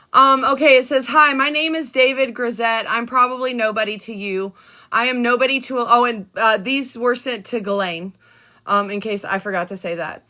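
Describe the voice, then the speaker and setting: Bright-voiced woman livestreamer reading aloud. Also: on the high side. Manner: chatty, halting, many ums and restarts. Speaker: livestream host reading documents.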